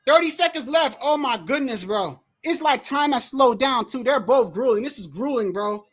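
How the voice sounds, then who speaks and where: A man hosting a livestream, reacting to a boxing match with animated, profane, exasperated commentary. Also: very high voice, moderate pace, husky. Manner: animated, profane, exasperated, often says bro. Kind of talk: excited live reaction commentary.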